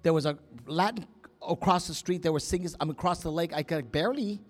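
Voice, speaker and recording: A man acting out the voice of God in a sermon story, speaking low, soft and calm, quieter than his own preaching voice. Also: fast, faint music behind, natural voice. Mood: gentle. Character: God, calm gentle fatherly male voice.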